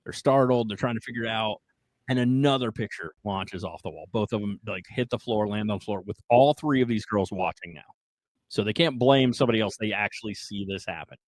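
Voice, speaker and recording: A man hosting a podcast, casually retelling a strange story in an animated way, often checking in with "right?" and "like". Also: fairly low pitch, brisk, no room sound, low-quality recording. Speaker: podcast host.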